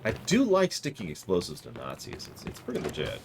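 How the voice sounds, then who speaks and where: A man's voice: deep voice, huge pitch swings, a little fast, gravelly, heavy background noise. A man streaming a video game, rambling and joking about game lore in casual chat.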